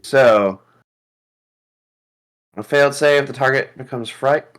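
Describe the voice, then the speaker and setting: A man's voice: mid-range voice, takes it slowly. A man playing a tabletop game, hesitant with many fillers and playful. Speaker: player. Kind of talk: casual tabletop game play.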